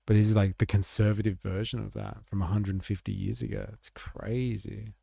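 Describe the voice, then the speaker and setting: A man's voice: fairly low pitch, flat delivery, moderate pace, vocal fry, dark tone, slightly rough, no echo, clean studio sound. A man giving casual, sarcastic political commentary on a livestream, rambling and reacting to clips. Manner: live-translates German clips.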